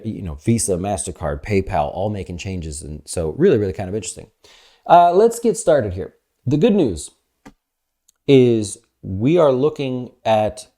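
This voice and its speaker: Lively low-voiced man talking stocks. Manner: energetic, talks fast with filler words. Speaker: investment advisor host. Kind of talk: casual market commentary.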